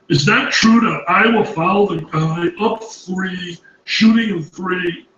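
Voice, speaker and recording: A man's voice: high voice, takes it slowly, bright, forceful tone, reverberant, recorded from a distance, lo-fi sound, a little hiss or hum. A man reacting as a college basketball analyst, exclaiming emphatically and repeating his phrases in disbelief. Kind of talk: excited studio reaction commentary.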